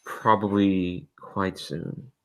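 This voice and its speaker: A man voicing a restless young woman in a tabletop game, speaking quietly and hesitantly, half in a whisper. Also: low voice, fairly even intonation, extremely slow, heavily acted, rough recording. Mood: wistful.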